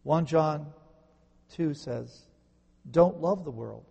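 A man preaching a sermon as a pastor, swinging from emphatic peaks down to quiet low phrases. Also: slow pace, creaky, slightly rough. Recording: long reverb in a large hall.

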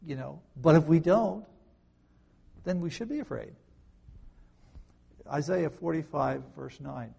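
A man leads a conversational Bible lesson, his gravelly, slightly husky voice sitting a little high for a man. He quizzes the room with rhetorical questions and dry, sarcastic asides. He drops quiet and then surges loud to drive points home. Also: expressive, slow, pauses often. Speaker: pastor.

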